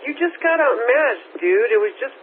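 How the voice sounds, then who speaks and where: A woman's voice: fairly high pitch, animated, moderate pace. A woman, an amateur radio operator, defending herself in an on-air argument, brushing off the other person's claims in a dismissive tone. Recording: tinny radio transmission with faint hiss.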